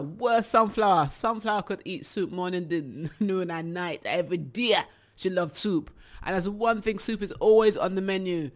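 A woman with a British accent, chatting casually to her viewers as a rambling, animated storyteller. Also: lowish voice, moderate pace. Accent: British English. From England. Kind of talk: casual chat.

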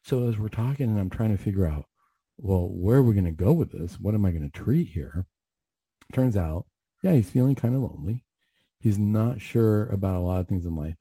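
A man with a low, very dark and mellow voice tells a personal story for radio. His tone is a little husky and he talks in an earnest, conversational way, often backing up to restart a sentence. The sound is dry and close, with no room echo. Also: expressive, fairly quick.

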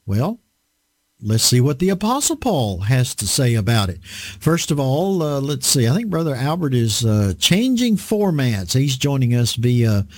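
A man preaching an online Bible study sermon, slow and deliberate, drawing out words for emphasis. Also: medium pitch, big pitch swings, darkish tone, no room sound.

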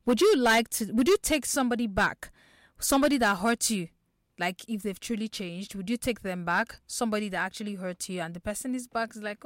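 A woman's voice: mid-range voice, a little fast, dry recording, studio quality. Chatty Nigerian woman radio host. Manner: lively, chatty, addresses listeners directly. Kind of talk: casual radio talk show chat. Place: radio studio.

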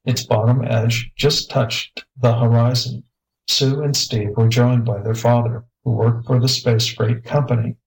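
Gravelly man reading a children's story. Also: medium pitch, flat delivery, a little slow, rough recording. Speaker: narrator.

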